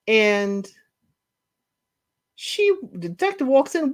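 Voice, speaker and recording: Animated woman recapping a show. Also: measured pace. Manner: animated, acts out characters' lines with big pitch swings. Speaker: podcast host recapping a TV series. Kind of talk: casual recap chat.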